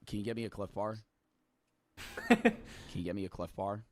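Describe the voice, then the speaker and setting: A man's voice: on the low side, fairly even intonation, normal speed, slight background noise. A young man in casual live-stream reaction chat who rambles, jokes and swears freely.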